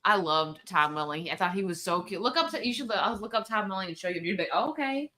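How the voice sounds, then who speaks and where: A woman's voice: fairly low pitch, fast, bright, forceful tone. A woman co-hosting a casual livestream chat, laughing often and talking animatedly. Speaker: co-host.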